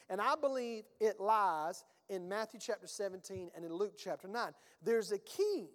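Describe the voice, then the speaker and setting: A man's voice: extremely high pitch, big-room sound. A male pastor preaching a sermon in a conversational, emphatic way, with rhetorical questions and folksy phrasing.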